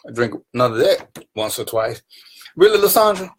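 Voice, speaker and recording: A man's voice: medium pitch, big pitch swings, moderate pace, husky. A man hosting his own live stream, greeting viewers by name and teasing them in casual, playful banter. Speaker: livestream talk show host.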